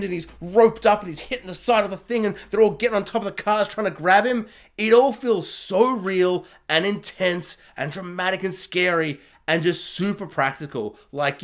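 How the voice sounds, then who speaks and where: Young man, high voice, casual film review, gushing, rambling, laughs, mimics sound effects. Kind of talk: casual video review monologue.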